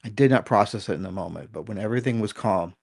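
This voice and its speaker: A man's voice: fairly low pitch, quick pace, gravelly, slightly rough, dry recording, clean studio sound. A middle-aged man, a dog trainer and guest, telling a story in a candid, self-critical way and swearing casually.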